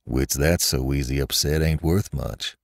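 Man doing a stolid farm husband, gruff, scornful, very deep and low, quiet, dry. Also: a little slow, no echo, exaggerated voice. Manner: gruff, dismissive.

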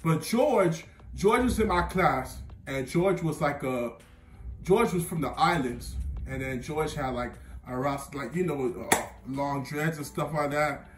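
A man's voice: fairly high pitch, unhurried. A young man casually telling a personal story, rambling with lots of fillers and often laughing at himself. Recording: roomy sound, mic at a distance, faint music.

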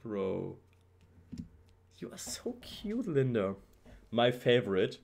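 A young man, excitedly unboxing fan mail at his home PC setup and gushing about every item. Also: fairly low pitch, slow, vocal fry, pauses often. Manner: excitable, gushing, says "bro" often. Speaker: YouTuber.

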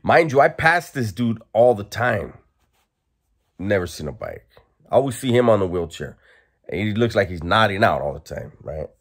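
A man's voice: fairly low pitch, big pitch swings, normal speed, slightly rough. A man telling a funny story in a casual, profane way, laughing now and then. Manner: laid-back, profane, laughs while telling. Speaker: storyteller vlogger.

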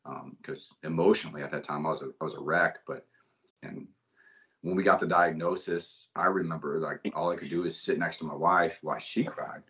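Deep-voiced man, halting and choked up. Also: steady tone, pushed and bright, lo-fi sound. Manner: halting, choked up, many restarts. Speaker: guest, Marine father. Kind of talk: emotional personal storytelling.

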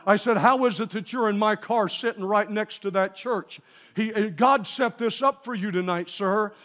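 A man preaching a sermon in a church, telling a story, dropping to quiet asides and rising to shouted peaks. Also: sits high, normal speed, dull audio. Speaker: pastor. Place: church sanctuary.

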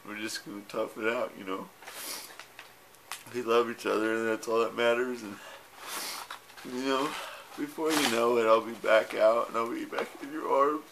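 A husband's medium-pitched voice, steady and fry-laden, moves at normal speed but pauses often in this tearful goodbye video to his wife. Self-recorded on camera over background noise, the message is rambling and tender, with fillers and swearing.

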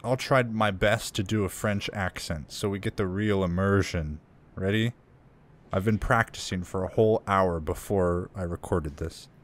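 A man's voice: sits low, normal speed. A man casually commenting on a horror game he is playing, joking and reading in-game notes aloud. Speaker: let's play gamer. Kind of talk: gameplay commentary.

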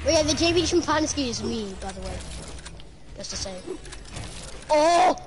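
A woman playing a game with friends on voice chat, joking around in a lively way. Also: on the high side, fairly quick, loud music behind the voice. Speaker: fellow player on voice chat. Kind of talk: casual gameplay chatter. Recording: noisy game stream audio.

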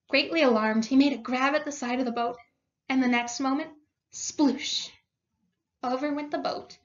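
A woman teacher reading a storybook aloud to her class and explaining it with questions. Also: sits high. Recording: dull lo-fi recording.

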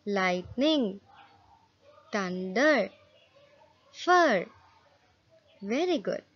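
A woman's voice: mid-range voice, very animated, drawn-out words, highs cut off. A woman teaching an English reading lesson, encouraging pupils to repeat words after her. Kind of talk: slow classroom reading lesson.

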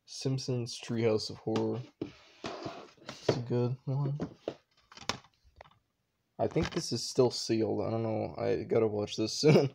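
A man's voice: on the low side, steady tone, takes it slowly, creaky, pauses often, background noise. A young man casually talking through his shelves at home in a rambling, unsure way, full of offhand asides. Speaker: vlogger.

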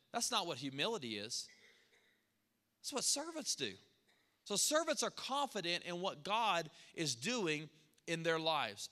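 Guy preaching a sermon, high bright voice, lots of hall reverb, acts out the people he quotes. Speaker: pastor. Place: church sanctuary. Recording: long church hall reverb.

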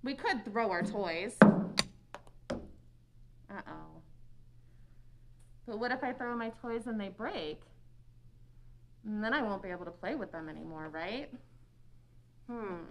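A woman leading a children's sermon in a church, speaking in an animated, sing-song way to young children and closing with a prayer. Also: medium pitch, unhurried, pauses often, a little hiss or hum. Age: adult. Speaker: children's minister. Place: church sanctuary. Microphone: wearing a face mask.

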